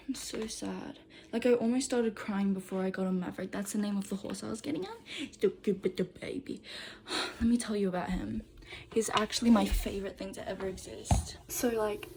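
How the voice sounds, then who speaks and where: A woman's voice: medium pitch, warm tone, a little hiss or hum. A woman telling stories in a casual vlog, rambling with lots of "like" and restarts.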